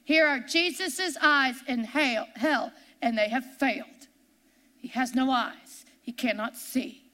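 Woman pastor, very high voice, piercing bright tone, impassioned sermon, repeats lines, shouts scripture. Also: slow. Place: church.

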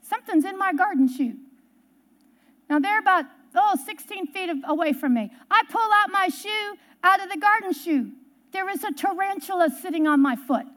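High-voiced woman telling a sermon story. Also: moderate pace. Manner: animated storyteller, acts out quotes. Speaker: preacher.

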